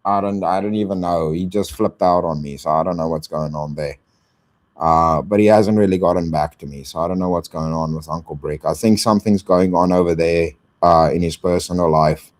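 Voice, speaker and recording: A man's voice: low-pitched, fairly even intonation, fairly quick, darkish tone. A man hosting a casual live stream, swearing and thanking donors in slang.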